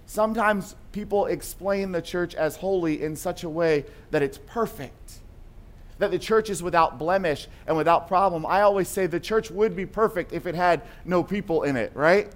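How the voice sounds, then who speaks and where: A man's voice: high-pitched, moderate pace. A man, a pastor preaching a sermon in a conversational way, asking the congregation questions and adding "right?".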